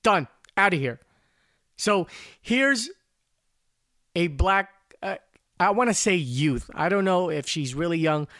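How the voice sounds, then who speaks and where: A man's voice: sits high, animated, slow pace, pauses often, sharp tone, no room sound, studio quality. A man hosting a podcast, talking through commentary in a casual, rambling way, often repeating words as he starts. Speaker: podcast host.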